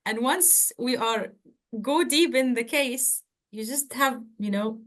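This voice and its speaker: A woman's voice: on the high side, slow pace, a bit bright. Woman tutor coaching over a video call. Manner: direct, coaching, repeats points with "okay?". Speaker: medical exam tutor. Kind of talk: online feedback session.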